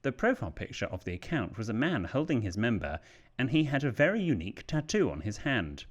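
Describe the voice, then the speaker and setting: A man's voice: mid-range voice, fairly quick, dull audio. A British man co-hosting a podcast, reading listener letters aloud in a casual chat. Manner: lively, animated reading voice.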